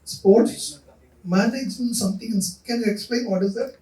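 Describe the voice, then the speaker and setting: A man leading a leadership workshop for students, energetic and coaxing, repeating his instructions. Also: very high-pitched, normal speed. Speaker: leadership coach running a workshop. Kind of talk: interactive workshop talk to students. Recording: echoey hall, voice from far off.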